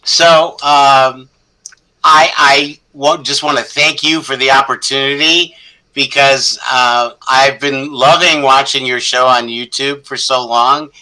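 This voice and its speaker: A man appearing as a guest on a talk show, speaking in a measured, hesitant way with many fillers. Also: mid-range voice, steady tone, sharp tone, poor audio. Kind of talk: casual interview chat. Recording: faint background noise.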